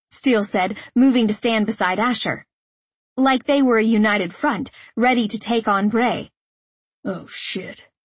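A woman reading a first-person romance audiobook in a steady, intimate way. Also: medium pitch, breathy edge, no echo. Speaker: audiobook narrator.

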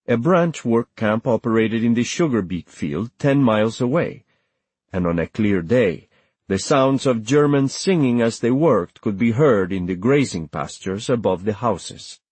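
A man narrates an audiobook in a lowish, husky voice, his pitch rising and falling with lively expression. The sound is dry and close, with no room around it. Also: a little slow, no room sound. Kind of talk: scripted narration.

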